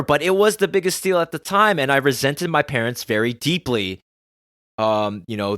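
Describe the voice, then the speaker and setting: A man hosting a podcast in a candid, confessional monologue, his voice at a middle pitch and swearing freely. The recording is dry and close. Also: a bit bright, no echo. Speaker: podcast host. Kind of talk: personal reflective monologue.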